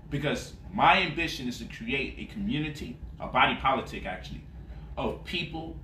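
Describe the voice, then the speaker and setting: A man's voice: mid-range voice, bright, forceful tone, slight background noise. A man talking as a money vlogger in a casual, boastful monologue, swaggering and profane. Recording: roomy echo, voice off-mic.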